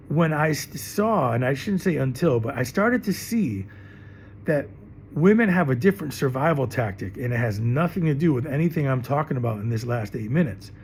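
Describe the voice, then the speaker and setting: Emphatic, lively-voiced middle-aged man. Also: a little high, slight background noise. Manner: emphatic, rambling, repeats himself. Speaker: teacher. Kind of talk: impassioned monologue to camera.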